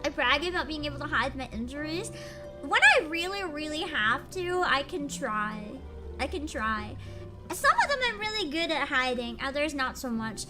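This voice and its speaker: High, lively woman streamer over game music. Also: normal speed. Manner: chatty and expressive, laughing often between remarks. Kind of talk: casual gaming livestream chat. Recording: game music playing loudly behind.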